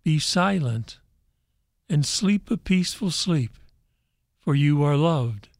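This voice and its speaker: A man voicing a tired, loving young mother who softly hums a hushing lullaby. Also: fairly high pitch, animated, takes it slowly, no room sound, studio quality. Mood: tender. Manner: soft, hushing.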